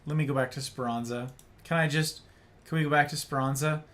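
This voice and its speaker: A man's voice: on the high side, fairly even intonation, brisk, fairly bright tone. A man streaming a game live, exasperated and ranting about the controls while talking to his chat and a friend.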